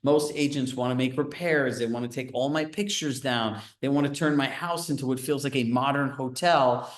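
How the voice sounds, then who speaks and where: Animated male sales coach in an echoey room. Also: medium pitch, normal speed. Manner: animated, storytelling, asks the audience questions. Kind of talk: training session talk. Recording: roomy echo.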